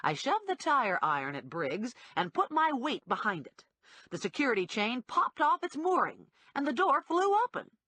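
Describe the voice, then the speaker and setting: A woman reading a comic first-person novel aloud as an audiobook narrator, with a lively delivery. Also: high voice, normal speed, no echo. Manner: lively, wide-ranging delivery with acted character voices.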